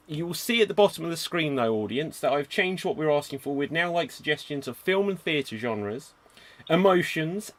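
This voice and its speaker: A man hosting a live improv comedy stream on a video call, briskly giving out games and laughing along. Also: on the high side, fairly bright tone. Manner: brisk, chuckling, jokey hosting. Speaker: improv show host.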